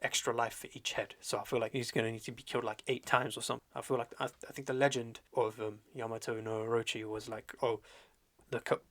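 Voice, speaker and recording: A young adult man hosting a podcast, recapping in a slangy, animated way with lots of fillers and restarts. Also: medium pitch, fast. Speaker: podcast host reviewing a manga chapter. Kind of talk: casual chat.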